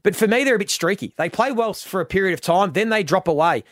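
A rapid-fire man on sports radio, pressing his argument with a slightly raised voice. The sound is dry and close. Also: high-pitched, expressive, fairly bright tone, no room sound. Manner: insistent, debating. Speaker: radio co-host. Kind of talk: casual sports debate.

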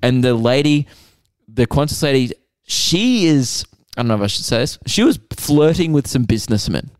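A young Australian man, a comedian and podcast co-host, telling a story in an animated, swearing, act-it-out way. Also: medium pitch, normal speed, smooth, no room sound. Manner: animated, swears freely, acts out quotes.

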